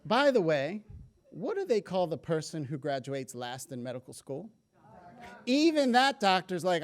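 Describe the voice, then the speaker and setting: A man's voice: on the high side, expressive, a little slow. A man giving a talk on stage, telling stories with humorous asides. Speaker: speaker. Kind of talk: public health talk.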